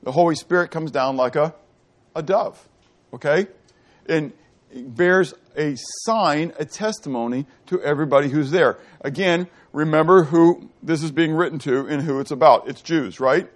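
A middle-aged man preaching a sermon, asking the congregation questions and answering them himself, moving between loud and quiet delivery. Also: fairly high pitch, moderate pace. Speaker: pastor. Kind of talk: sermon teaching.

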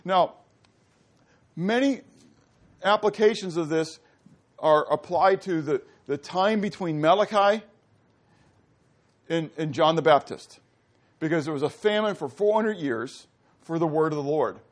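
High-voiced man preaching with rising questions. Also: unhurried, pauses often. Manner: animated teaching, asks the audience questions. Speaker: pastor. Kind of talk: sermon.

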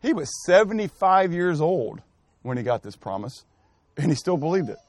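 A man teaches an interactive Bible study, quizzing the class and calling on people by name while thinking aloud and correcting himself. His voice is on the high side and sing-song at a moderate pace, recorded in studio quality with no room sound.

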